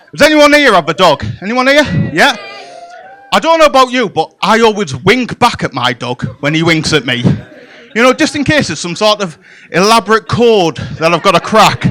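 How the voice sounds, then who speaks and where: A man performs stand-up on a comedy club stage, bawdy and playful, throwing deadpan asides at the crowd. His voice sits high and swings widely in pitch as he talks.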